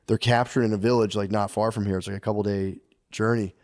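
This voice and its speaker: A man's voice: on the low side, fairly even intonation, fast talker, a little mellow. A man co-hosting a podcast, telling a history story in a rambling, profane, comedic way. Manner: rambling, profane, acts out characters with laughter. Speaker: podcast co-host.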